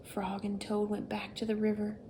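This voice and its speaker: A woman reading a children's picture book aloud, gentle and steady. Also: medium pitch, a little hiss or hum. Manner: slow, gentle storytime reading. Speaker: storyteller. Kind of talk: children's read-aloud story.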